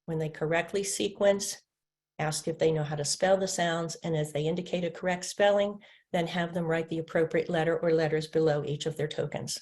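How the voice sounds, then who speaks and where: Training teachers over a webinar, a woman with a low, darkish voice gives instructional demonstrations. She plays teacher and student alike, patiently stretching out and tapping individual speech sounds and sometimes supplying her student's answers herself.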